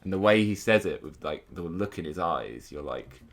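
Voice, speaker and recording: A man's voice: deep voice, lively intonation, moderate pace. A man co-hosting a casual film commentary, analytical and thinking aloud with plenty of filler words.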